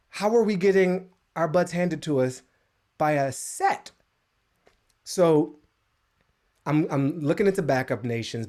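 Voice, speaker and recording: An American man giving a comedic monologue as a guest speaker, sarcastic and animated, with sudden jumps up in pitch, speaking over a video call. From United States.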